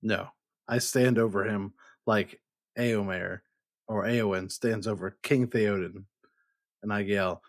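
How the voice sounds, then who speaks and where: Male player, low voice, short earnest lines. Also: fairly even intonation, takes it slowly. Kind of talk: playing a tabletop game.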